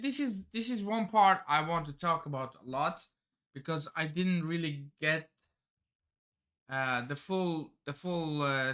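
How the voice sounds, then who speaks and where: A man's voice: fairly high pitch, pushed and bright. A man hosting a live manga reaction, rambling and often stumbling and restarting his sentences. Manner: rambling, self-interrupting, stumbles over words.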